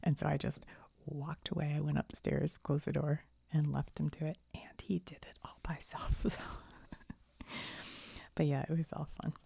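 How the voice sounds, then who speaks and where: A middle-aged woman telling a rambling everyday story in soft-spoken ASMR style, often sinking into a whisper and chuckling as she goes. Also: deep voice, flat delivery, a little slow, vocal fry, slightly rough, no room sound. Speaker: ASMR channel host.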